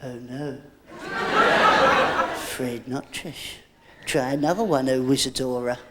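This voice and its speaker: A male comedian doing live stand-up with an audience volunteer, teasing her with cheeky innuendo and squeaky, shrieking rises. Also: fairly even intonation, measured pace. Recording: loud hiss on an old VHS tape recording.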